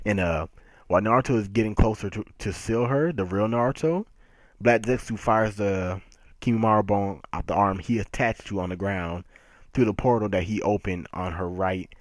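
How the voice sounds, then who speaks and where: Brief: low-voiced male reviewer, emphatic and joking, dry close sound. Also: normal speed, no echo. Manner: animated and emphatic, laughs often. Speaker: manga reviewer. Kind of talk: casual chapter review.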